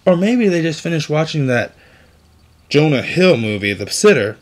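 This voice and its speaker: A man's voice: fairly high pitch, lively intonation, normal speed. A man hosting an opinionated news commentary show, delivering stories with indignant, sarcastic asides.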